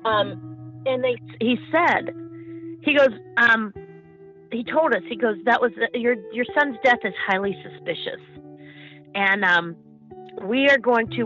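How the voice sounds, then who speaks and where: A grieving mother in an interview, speaking emotionally and haltingly with many pauses and restarts. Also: medium pitch, sharp tone. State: emotional, holding back tears. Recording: dull lo-fi sound with faint music.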